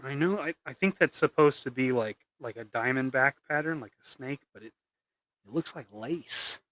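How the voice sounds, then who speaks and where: A man's voice: medium pitch, moderate pace, fairly bright tone, dry recording. Rambling man chatting on a hobby livestream. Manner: rambling, trailing off into mumbles. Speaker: livestream host making custom action figures. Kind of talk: casual livestream chat while working.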